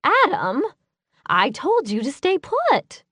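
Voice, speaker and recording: A woman's voice: high-pitched, huge pitch swings, slow pace, fairly bright tone, no echo, voice pushed up, heavily acted. Brusque scolding woman companion, read by a woman.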